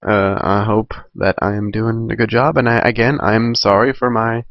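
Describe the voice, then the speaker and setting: A man's voice: lowish voice, steady tone, normal speed, no echo, dull audio. A man reading a fan story aloud in a casual way, correcting himself and adding chatty asides. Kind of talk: amateur fan fiction reading.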